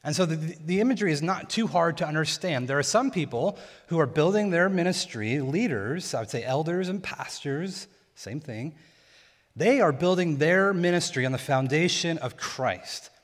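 A young man preaching a sermon in a relaxed, conversational way. his voice sits a bit high for a man, and a long reverb trails after it, as if he is in a big church sanctuary. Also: normal speed. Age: young adult. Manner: casual, conversational teaching. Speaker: pastor.

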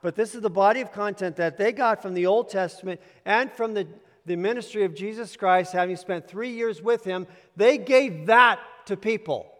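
A male pastor delivers a teaching sermon, guiding listeners through their handouts. He speaks emphatically and repeats key phrases, his fairly high voice carrying a long reverb from the church hall. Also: normal speed, few pauses, a bit bright. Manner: emphatic, repetitive, directs listeners to underline.

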